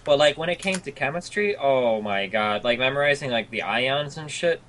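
A man's voice: mid-range voice, expressive, normal speed, a bit bright, rough recording. A young adult man, a streamer, talking in a rambling, profane, filler-heavy rant in casual chat.

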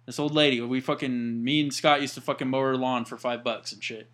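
A young man telling stories in a casual chat with friends, swearing constantly and animated. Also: mid-range voice, a little fast. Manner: profane, animated storytelling with heavy swearing.

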